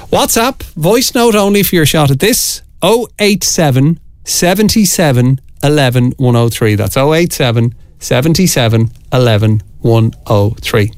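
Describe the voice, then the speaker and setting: A man's voice: on the high side, animated, a little slow, dry recording, studio quality. Chatty radio presenter man. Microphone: studio microphone.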